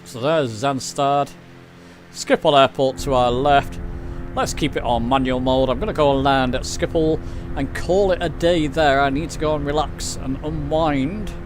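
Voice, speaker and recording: A man's voice: medium pitch, fairly even intonation, normal speed, background noise. A man with an English accent giving casual live commentary while flying a simulator, chatty and self-deprecating as he answers his chat. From England. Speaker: flight sim streamer.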